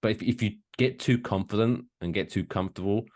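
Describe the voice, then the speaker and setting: A man's voice: on the low side, a little fast, a little mellow. A man in his thirties co-hosting a podcast, rambling and joking crudely in casual chat. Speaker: podcast co-host.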